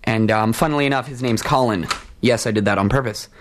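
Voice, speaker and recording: Rambling campus radio host. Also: male voice, medium pitch, fairly quick. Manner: rambling, self-deprecating, many ums and uhs. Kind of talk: casual radio chat. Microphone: studio microphone.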